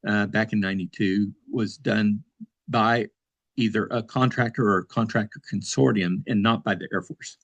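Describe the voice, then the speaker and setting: A man's voice: on the low side, steady tone, moderate pace, a bit bright, dry recording, dull audio. A man who served in the Air Force, talking casually as an interview guest, with many fillers and restarts.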